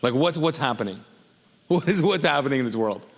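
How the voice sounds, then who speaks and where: A man's voice: medium pitch, expressive, moderate pace, in a large hall. A man from Kuwait, a pastor preaching a sermon in a casual, joking style that often asks the congregation questions.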